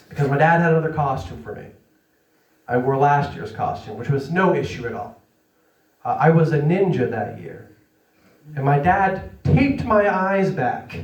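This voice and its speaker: During a comedy club stand-up set, a man makes himself the butt of the jokes, laughs while talking and keeps chatting with the crowd to check in. His voice is mid-range with a darkish tone. The lo-fi recording is roomy, captured from a distance.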